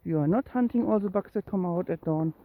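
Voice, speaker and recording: A cat owner filming a kitten walk on a handheld phone outdoors at dusk, coaxing the kitten with calls and high meows. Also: a little fast, a little hiss or hum. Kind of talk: casual narration while walking. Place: outdoors in woods and grass at dusk. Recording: tinny phone-like sound.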